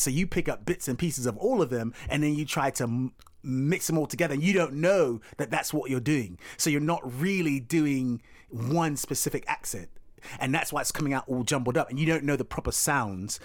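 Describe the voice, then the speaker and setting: A man's voice: on the high side, dry recording. A man with an English accent from Dorset who acts for a living, explaining things at length and repeating himself in casual podcast chat. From England. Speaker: podcast co-host, actor.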